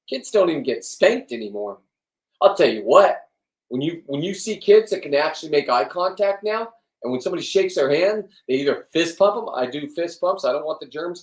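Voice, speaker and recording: A man in his fifties, a fishing and diving vlogger, rambling in a crude, loud, joking monologue. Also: mid-range voice. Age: 50s. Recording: roomy, from a distance.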